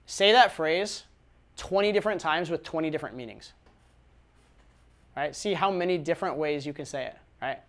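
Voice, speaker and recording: A man's voice: fairly high pitch, normal speed, long pauses. A man giving casual dating advice, talking conversationally with repeated words and frequent "right?" tag questions. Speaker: dating coach.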